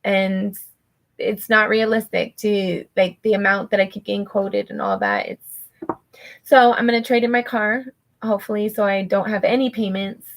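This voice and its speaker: Gravelly woman venting on a live stream. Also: mid-range voice, fairly even intonation, moderate pace. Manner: frustrated, swearing, venting then reassuring herself. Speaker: tarot reader live-streaming to viewers.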